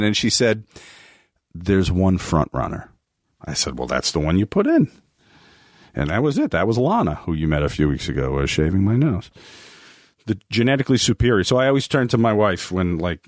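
Low-voiced man reading listener questions. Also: big pitch swings, moderate pace, dry recording, studio quality. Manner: reads listener questions, jokey anecdotes. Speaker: podcast co-host. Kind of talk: casual podcast chat.

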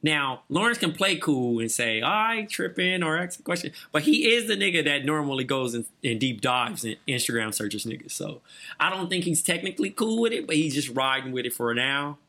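A man co-hosting a podcast, recapping a TV episode in slangy, animated casual chat. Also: medium pitch, fairly quick. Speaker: podcast co-host.

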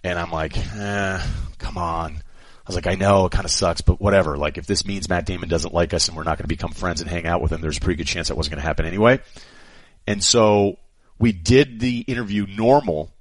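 A man co-hosting a radio show, telling animated stories and acting out quotes in a casual chat. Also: low voice, fast, no echo. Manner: animated storyteller, acts out quotes.

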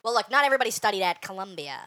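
A woman hosting an improvised comedy interview in a mock-serious journalist manner, with quick asides to the listeners. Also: mid-range voice, sing-song, fairly bright tone. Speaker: podcast host and interviewer.

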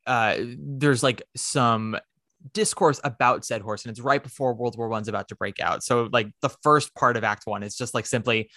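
A man's voice: mid-range voice, fairly even intonation, normal speed, bright, forceful tone, dry recording, clean studio sound. A man co-hosting a casual chat about theater, rambling and joking, with a habit of putting on silly voices. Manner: rambling, jokey, swears, does silly voices. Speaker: podcast co-host.

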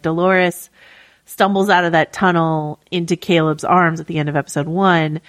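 Woman chatting on a podcast, kinda low voice, lots of ums, dead dry mic. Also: no echo. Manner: chatty, many fillers and restarts. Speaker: podcast co-host. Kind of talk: casual podcast discussion.

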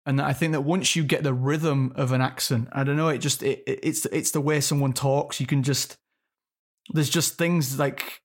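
A man's voice: mid-range voice, steady tone, moderate pace. A man in his thirties, an actor, talking reflectively in an interview and searching for his words. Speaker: actor guest. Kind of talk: interview conversation.

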